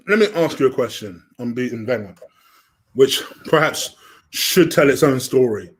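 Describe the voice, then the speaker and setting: A man's voice: mid-range voice, expressive, normal speed, slight background noise. A man co-hosting a football chat, teasing his partner and swearing with sarcastic jabs. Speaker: co-host.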